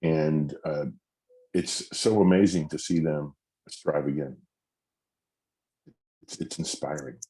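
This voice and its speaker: A middle-aged man with a very deep, low voice teaches a mental fitness masterclass. He speaks earnestly and acts out example phrases, shifting his tone of voice to show how the same words can sound different. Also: fairly even intonation, slow, long pauses, mellow. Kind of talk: recorded masterclass talk.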